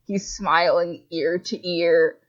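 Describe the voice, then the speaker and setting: A woman hosting a casual group reading of a fanfic, narrating in a wry, deadpan way. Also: on the low side, takes it slowly, highs cut off. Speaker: fanfic reader and host. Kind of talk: reading a fanfic aloud with riffing.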